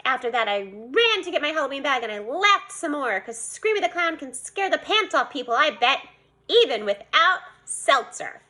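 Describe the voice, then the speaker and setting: A woman reading a children's storybook aloud in an animated way. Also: sits high, moderate pace. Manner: animated, voicing a young girl narrator. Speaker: reader.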